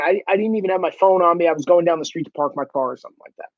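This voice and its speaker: A man's voice: a little high, rapid-fire, no room sound, lo-fi sound. Blunt, profane male ranter. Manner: blunt, emphatic, heavy swearing. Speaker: commentator. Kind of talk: profane ranting monologue.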